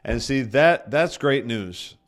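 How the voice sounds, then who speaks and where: A male pastor delivering a sermon in a mid-pitched, conversational voice. He talks to the congregation as if chatting, circling back to repeat key lines and stopping to rephrase himself as he goes. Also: expressive, slow pace. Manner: conversational preaching that restates points for emphasis; frequent self-corrections and restarts.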